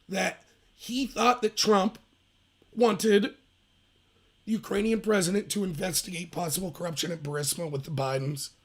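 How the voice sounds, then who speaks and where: A man with a high, husky voice hosts his own political commentary livestream. He talks emphatically, rambling from point to point and jabbing at opponents with mocking quotes. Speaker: political commentary show host.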